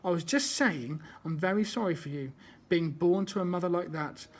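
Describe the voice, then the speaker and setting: Man reading as a sneering young bully, taunting, pitched high. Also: moderate pace. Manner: jeering, taunting. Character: scrawny mocking bully boy, sneering.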